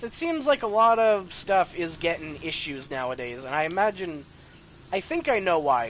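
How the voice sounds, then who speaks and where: A man's voice: on the high side, fairly bright tone, a little hiss or hum, poor audio. A young man streaming a game live, chatting casually, reading chat aloud and swearing freely.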